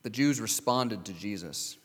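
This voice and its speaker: A man's voice: on the low side, animated, a little slow. A man preaching a sermon, earnestly reading scripture and asking his listeners rhetorical questions. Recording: long hall reverb.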